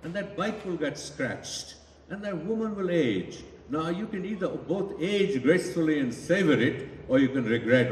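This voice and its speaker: A man's voice: on the high side, normal speed. A man from India answering audience questions at a summit in a reflective, anecdotal manner. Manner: reflective, anecdotal, lively delivery. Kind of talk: public talk Q&A. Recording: echoey hall from far off, faint noise.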